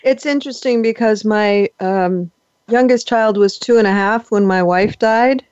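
A man hosting a casual interview, talking hesitantly with many pauses and soft laughs. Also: high-pitched, smooth, dry recording. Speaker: podcast host. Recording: dull lo-fi, dry audio.

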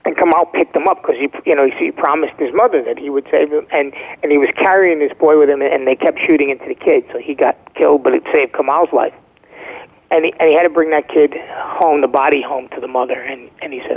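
Guest caller: emphatic man, slightly high voice, heard through a tinny phone line. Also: brisk, vocal fry, breathy edge. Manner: emphatic, checks in with "okay?". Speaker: guest, former first responder. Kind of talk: phone-in interview storytelling.

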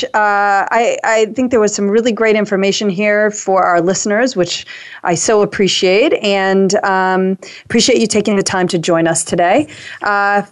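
Upbeat woman hosting a talk show. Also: mid-range voice. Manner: upbeat, organized, gives segment cues. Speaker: radio show host.

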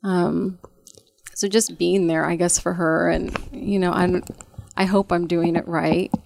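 A woman in her thirties, a guest and bereaved mother, talking softly and haltingly with many fillers in a casual conversation. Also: on the low side, level tone, vocal fry.

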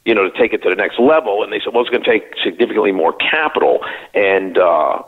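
Over a phone-like, narrow-band recording, a man in his sixties who runs a company spins jokey anecdotes in a relaxed interview. He speaks quickly in a lowish voice and performs the dialogue he quotes.

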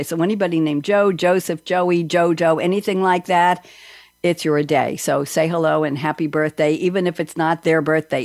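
A woman's voice: lowish voice, no echo. Chatty woman radio host, dry sound. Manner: playful, jokey, animated. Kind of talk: lively chatty radio talk.

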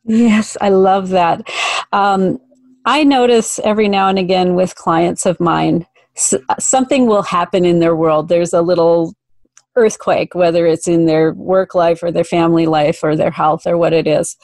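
A woman's voice: fairly low pitch, steady tone, normal speed, darkish tone, dry recording. A woman hosting an interview, affirming her guest and asking curious questions. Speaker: host, coach. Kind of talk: conversational interview.

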